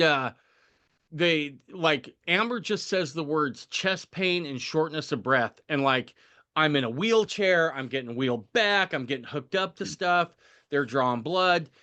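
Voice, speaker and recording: A male podcast host telling a story in a casual, animated way, often tagging his sentences with "right?". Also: on the high side.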